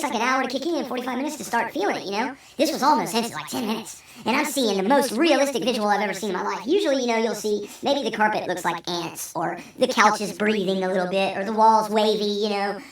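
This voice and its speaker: A woman hosting a storytelling vlog, talking in an animated, profane, rambling way. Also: medium pitch. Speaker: vlog host. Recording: roomy sound, distant from mic.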